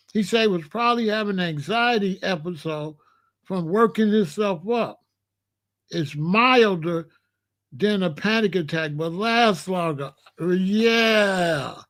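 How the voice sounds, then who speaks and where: Here a commentary channel host talks in a high, slightly bright voice. During his live reaction stream he keeps things casual with chat, goes over the same points again, and asks his audience questions.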